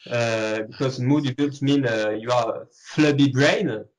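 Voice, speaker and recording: Man, French accent, slow, halting, searches for words, interview guest. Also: medium pitch, poor audio. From France. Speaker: guest, comic artist. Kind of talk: interview answers.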